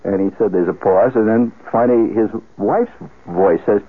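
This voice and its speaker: A man telling a rambling comic story on the radio, animated and full of asides and restarts. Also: on the low side, moderate pace, slightly rough. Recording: tinny phone-like old radio broadcast.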